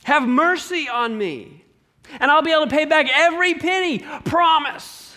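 A man's voice: very high-pitched, lively intonation, moderate pace, sharp tone, pitched above the performer's own voice, heavily acted. A man doing a groveling, pleading servant. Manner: pleading, blubbering, breathless promises. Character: desperate groveling male servant begging for time.

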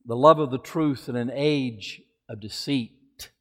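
A man preaching a sermon in a conversational way, with asides and quick self-corrections. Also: medium pitch, fairly bright tone, long reverb tail.

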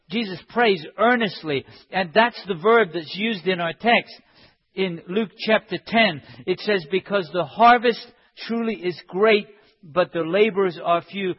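A man's voice: sits high, slightly rough. A man preaching a sermon in an impassioned way, building up to emphatic cries. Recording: dull sound in a reverberant hall.

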